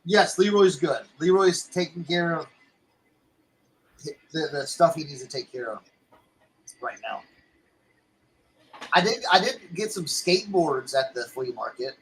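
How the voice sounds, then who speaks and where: A man in casual chat, telling an animated story and acting out other people's lines. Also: fairly high pitch, a little slow, pauses often, slight background noise, low-quality recording. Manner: animated storyteller, acts out voices in anecdotes. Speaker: co-host.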